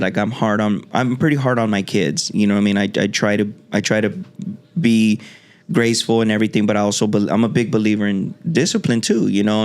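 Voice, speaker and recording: A man hosting a podcast, talking reflectively in a casual conversation with many restarts. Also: medium pitch. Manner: reflective, talks in halting restarts. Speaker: podcast host.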